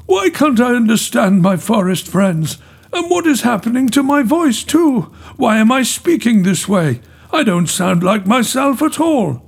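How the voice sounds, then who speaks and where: A man's voice: a little high, huge pitch swings, slow, vocal fry, a little mellow, breathy edge, full character voice. A man voicing a caring young female forest elf who speaks in sing-song rhymes. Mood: alarmed. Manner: sing-song rhyming greetings.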